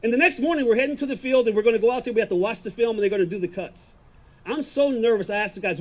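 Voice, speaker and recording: Brief: middle-aged man, high-pitched, confessional testimony, quiet to emphatic. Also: rapid-fire. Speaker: former football player giving a testimony. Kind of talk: personal testimony, storytelling.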